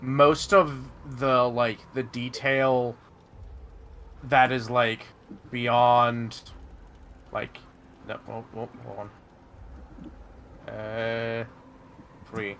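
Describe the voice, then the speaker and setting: Halting mid-pitched man game master. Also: level tone, fairly bright tone, slight background noise. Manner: halting, full of fillers and restarts. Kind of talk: running a tabletop game.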